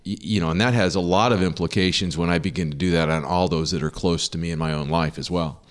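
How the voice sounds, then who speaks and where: A man speaking in a measured, thoughtful way during a faith discussion. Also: deep voice.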